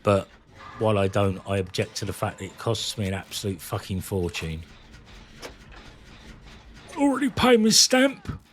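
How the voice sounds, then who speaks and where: A man's voice: deep voice, fairly even intonation, a little fast. A man, chatting casually and candidly while streaming a game, rambling and swearing freely. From England. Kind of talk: casual chat while gaming.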